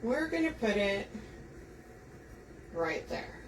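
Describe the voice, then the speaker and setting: Lady doing a live craft demo, chatty, walks you thru each step, bit far off the mic, soft background hum. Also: medium pitch, huge pitch swings, slow pace. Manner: chatty, talks viewers through each step. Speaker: wreath-making host. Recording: distant mic, faint room noise.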